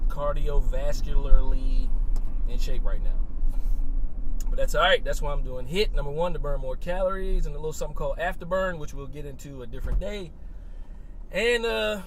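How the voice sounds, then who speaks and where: A man hosting a podcast in casual chat, out of breath after the gym, excitable, with whoops and slangy greetings. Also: medium pitch, background noise. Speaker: podcast host.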